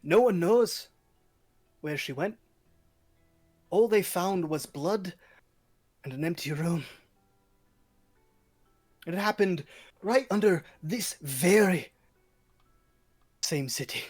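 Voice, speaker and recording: A man's voice: high-pitched, animated, takes it slowly, long pauses, a little mellow, breathy edge, faint music behind, pitched above the performer's own voice, heavily acted. A man voicing a grieving, furious commoner whose wife and daughter were taken, hurling accusations in a strained, raised voice. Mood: anguished accusing.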